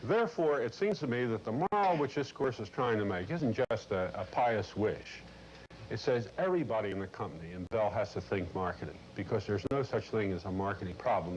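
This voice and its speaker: A man giving a lecture to a corporate class, telling a long story in a blunt, salty, animated way. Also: medium pitch. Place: lecture room. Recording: muffled old videotape with faint hiss.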